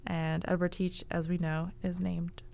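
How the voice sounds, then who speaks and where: Chatty young woman, smooth clear voice. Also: fairly low pitch, flat delivery, unhurried, a little mellow. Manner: chatty, laughs often, says like and um a lot. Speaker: library staff guest presenting book picks. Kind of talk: casual storytelling chat.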